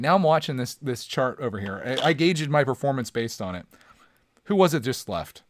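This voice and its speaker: A man's voice: mid-range voice, animated, brisk, slight background noise. Playful man chatting on a live stream. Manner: playful, joking, chatting with viewers. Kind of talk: casual live stream chat. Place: home.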